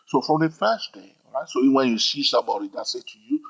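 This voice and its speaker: A man's voice: medium pitch, sing-song, fast, hardly any pauses, fairly bright tone, slightly rough. A man teaching about trading in an emphatic, repetitive style, often checking in with "all right?". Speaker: trading educator. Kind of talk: informal teaching monologue. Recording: dull lo-fi recording.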